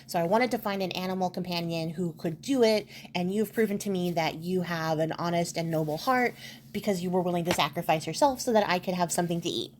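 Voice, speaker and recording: A woman's voice: on the low side, fairly quick, slight background noise, lightly acted. A woman voicing the Jade Emperor, a stern male ruler of heaven, speaking in a solemn, matter-of-fact way.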